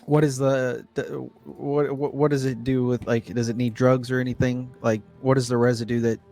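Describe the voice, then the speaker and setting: A man's voice: medium pitch, level tone, normal speed, warm tone, soft background music. A man playing a tabletop game who chats casually and rambles, restarting his sentences often. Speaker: player.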